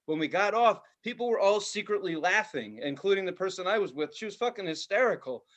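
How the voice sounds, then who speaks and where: A man co-hosting a podcast, telling a profane, animated story in casual chat, now and then shouting loudly. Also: high-pitched, brisk. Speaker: podcast co-host.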